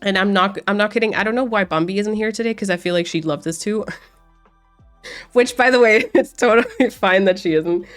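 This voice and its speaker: A woman's voice: mid-range voice, moderate pace. A woman streamer chatting casually with her viewers, sounding congested and nasal from a cold and rambling with frequent restarts. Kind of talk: casual livestream chat with viewers. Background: faint background music.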